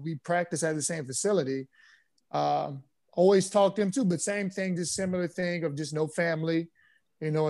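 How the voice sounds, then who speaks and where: A man being interviewed on a podcast as a former pro basketball player, telling stories in a relaxed way with plenty of fillers. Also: a little high. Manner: relaxed storyteller, easygoing with frequent fillers.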